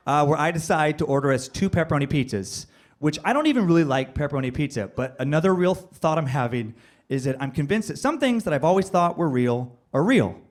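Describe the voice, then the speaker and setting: A fairly high-voiced man on stage doing stand-up comedy, spinning a long, profane anecdote. He rambles with fillers and jumps into high, yelling bursts as he acts out what happened. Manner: animated, bursts into high-pitched yelling when acting out moments. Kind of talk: stand-up storytelling. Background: audience laughter.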